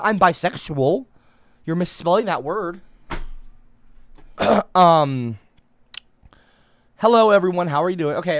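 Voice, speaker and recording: A man hosting a comedic livestream, talking like a mock teacher and bursting into shrill, profane shouting. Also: no room sound, clean studio sound. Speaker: livestream host.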